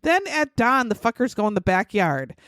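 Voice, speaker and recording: A woman's voice: on the high side, very animated, normal speed, a bit bright, no echo. A woman hosting a podcast, telling a true crime story casually, swearing freely and acting out the quotes. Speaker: podcast host.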